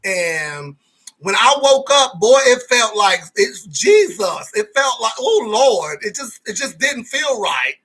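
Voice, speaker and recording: A man voicing a frantic young male friend on the phone, talking in a high, dramatic, breathless way. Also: very animated, slow pace, a bit bright, full character voice, rough recording.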